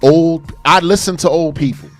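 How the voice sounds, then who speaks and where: A man's voice: on the high side, normal speed. Male co-host, earnest and emphatic call-in radio talk, faint music bed. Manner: earnest, emphatic, says "brother".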